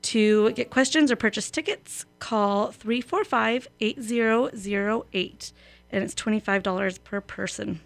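A woman's voice: medium pitch, measured pace, gravelly. A woman radio host reading a poem aloud and then giving community announcements in a chatty, lightly joking way.

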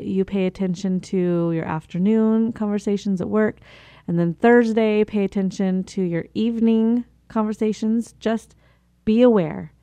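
A woman's voice: medium pitch, warm tone, clear, resonant tone, no room sound, highs cut off. Chatty woman giving homework-style self-help advice. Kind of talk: casual motivational talk.

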